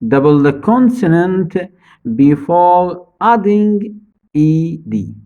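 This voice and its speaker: A man teaching English spelling rules, speaking slowly and deliberately, repeating each rule for his students. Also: lively intonation, muffled recording. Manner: stresses key words, drops low at phrase ends. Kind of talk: slow spelling-rule lesson.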